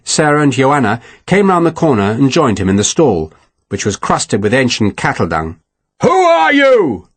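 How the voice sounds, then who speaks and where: A man narrating an audiobook with expressive, dramatic reading. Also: mid-range voice, breathy edge.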